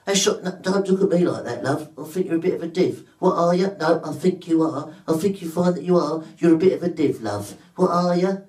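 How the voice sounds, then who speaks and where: A man impersonating a cheeky, mouthy bloke who teases and mumbles quickly. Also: fairly high pitch, a little mellow, roomy sound, recorded from a distance, natural voice. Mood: teasing. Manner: chatty, teasing, quick mumbles.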